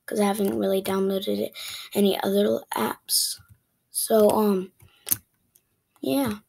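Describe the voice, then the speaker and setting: A woman giving casual gameplay commentary, frustrated and excitable, shouting at the game character and dropping into whispered asides. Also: mid-range voice, slow pace, vocal fry, a little hiss or hum. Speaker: gaming video creator.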